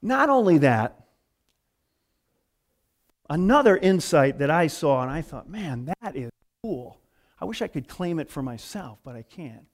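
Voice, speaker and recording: A man's voice: fairly high pitch, big pitch swings, measured pace, long pauses. A man preaching a conversational sermon in a casual, folksy way, often saying "man" and "you know". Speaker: pastor.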